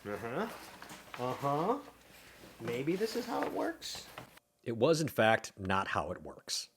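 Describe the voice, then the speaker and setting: A man's voice: mid-range voice, huge pitch swings, takes it slowly, noisy background. Self-mocking man muttering over his gear. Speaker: comedian and vlogger. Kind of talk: casual vlog narration while working. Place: hotel room.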